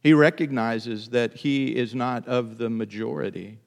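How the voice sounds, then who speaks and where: A man preaching a sermon in an earnest, emphatic way, now and then leaping up in pitch to drive a point home. His voice sits at an ordinary middle pitch, and it rings out with the long reverb of a large church hall. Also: fairly even intonation, a little slow, creaky. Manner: earnest preaching, rising to emphatic high bursts. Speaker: pastor.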